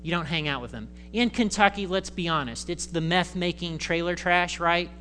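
A male pastor giving a conversational, animated sermon in church, acting out voices. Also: high voice, moderate pace, soft background music.

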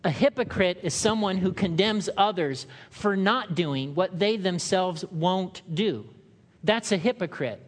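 A man preaching a sermon in a conversational way, acting out quotes in loud, higher voices. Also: a little slow, long reverb tail. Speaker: pastor.

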